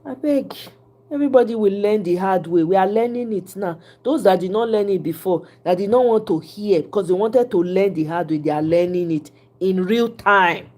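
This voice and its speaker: A woman with a Nigerian accent giving casual political commentary, mixing Pidgin English with animated, often laughing delivery. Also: mid-range voice, moderate pace.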